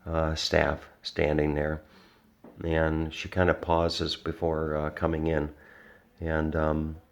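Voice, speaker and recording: Man, very low gravelly voice, rambling casual storytelling, earnest. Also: completely flat delivery, slow pace. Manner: rambling, many restarts and fillers; earnest, reflective. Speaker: vlogger.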